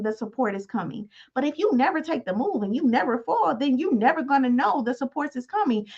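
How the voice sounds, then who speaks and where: Woman, 30s, motivational host, chatty and repetitive, mid-pitched, slightly muffled lo-fi recording. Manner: conversational, repeats "right?" to the listener. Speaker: podcast host. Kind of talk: motivational talk.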